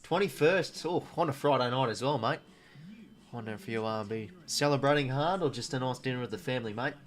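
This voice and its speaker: A young Australian man in his twenties hosts a casual live watch-along stream, speaking briskly in a mid-range voice. His delivery is relaxed and rambling as he answers chat, reads viewer comments, and says "mate" often.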